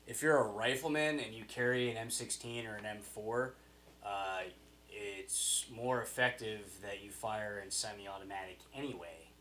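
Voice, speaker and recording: A man with a bright, forceful voice explains his points plainly in a casual podcast chat, swearing freely. He is recorded with a roomy echo around him. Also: lowish voice, a little hiss or hum. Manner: explanatory, profane. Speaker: podcast co-host.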